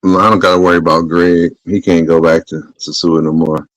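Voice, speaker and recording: A man with a very deep, low voice chats loosely and profanely with a co-host, full of slang and swearing. His voice sounds dry and close, with hardly any room around it. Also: flat delivery, a little fast, no echo, poor audio. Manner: laid-back, profane, slangy. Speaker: podcast host. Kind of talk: casual chat.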